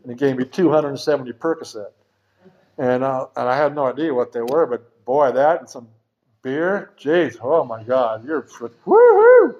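A man's voice: medium pitch, normal speed, a little mellow. A middle-aged man telling his own recovery story at a meeting, in a rambling, frank way with casual swearing. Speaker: speaker sharing a recovery story. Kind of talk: personal testimony at a recovery meeting. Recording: dull lo-fi recording.

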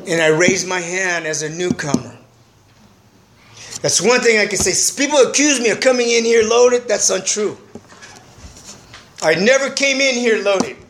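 A man's voice: high-pitched, a bit bright. A middle-aged man sharing his recovery story at a meeting in a profane, streetwise, earnest way. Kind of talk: personal testimony, casual storytelling. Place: meeting room.

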